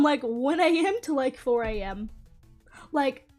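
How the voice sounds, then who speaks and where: A young woman with a high, bright-sounding voice chats straight to the camera in a lively, animated way. She talks close to the mic and laughs as she tells her story, and faint music plays underneath. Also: measured pace. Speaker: YouTuber. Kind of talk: casual storytime chat to camera.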